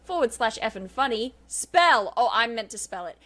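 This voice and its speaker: A wry, self-deprecating woman guesting on a casual podcast, reading out sponsor copy with dry humor and frequent laughs. Her voice sits a bit higher than most women's. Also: brisk, fairly bright tone.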